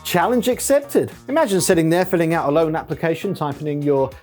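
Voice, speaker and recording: A man's voice: fairly high pitch, quick pace, a little mellow, faint music behind. A man hosting a satirical comedy tech news show, talking sarcastically and mocking his subject. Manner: sarcastic, mocking, with many put-on silly voices.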